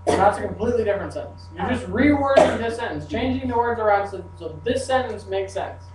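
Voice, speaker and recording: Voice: mid-range voice, lively intonation, brisk. Playful teacher, echoey classroom from afar. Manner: playful, jokey asides. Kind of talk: classroom grammar lesson. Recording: echoey classroom from far off, faint hum.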